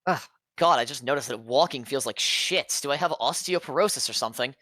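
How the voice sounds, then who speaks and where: A man's voice: medium pitch, fairly quick, sharp tone, dry recording. A man playing a tabletop game, joking and swearing casually. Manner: swears freely, wry and joking. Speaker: player.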